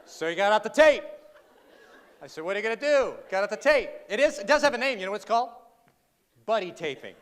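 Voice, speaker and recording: A man's voice: high voice, expressive, quick pace, pauses often. A man giving a humorous talk to a live audience, telling a story with dry, sarcastic asides and questions to the crowd. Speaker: humorous speaker. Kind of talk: comic keynote storytelling. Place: large hall with an audience. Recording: reverberant hall, faint noise.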